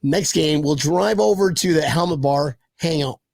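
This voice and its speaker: A high-pitched man with a gravelly edge hosts a live web show, hyped and loose, calling everyone bro and throwing in swear words. The sound is dry and close to the mic. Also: moderate pace, a little mellow, no room sound. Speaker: host. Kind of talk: casual live-show chat.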